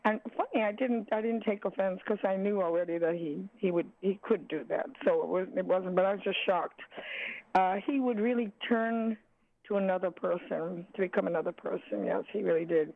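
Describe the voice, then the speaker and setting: An older woman, a jazz singer, reminiscing in an interview, halting and searching for words with many restarts. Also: medium pitch, vocal fry. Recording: tinny phone line.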